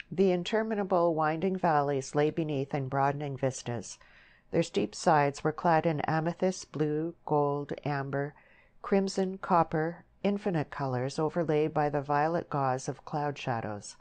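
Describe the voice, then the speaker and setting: A woman narrating a novel as an audiobook, with measured, descriptive storytelling. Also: deep voice, a little mellow. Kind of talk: scripted narration.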